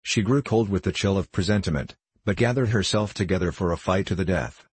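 A man narrating a novel in a measured, even storytelling manner. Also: deep voice, slightly rough, dry recording. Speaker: audiobook narrator. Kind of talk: scripted narration.

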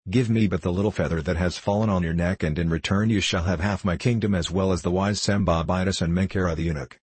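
An earnest king swept away by love, blurting out fervent declarations, as a man reads him. Deep, husky and dry. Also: fairly even intonation, fast talker, dry recording. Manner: fervent outbursts. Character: lovestruck king of Ethiopia, impulsive and earnest.

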